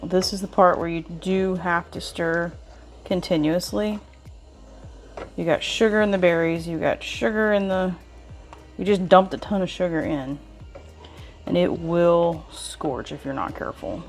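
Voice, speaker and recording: A woman's voice: fairly low pitch, a little slow, soft background music. Chatty woman making jam. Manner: chatty, folksy, talks to viewers while stirring. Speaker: home cooking vlogger. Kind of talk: casual cooking demonstration. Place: home kitchen.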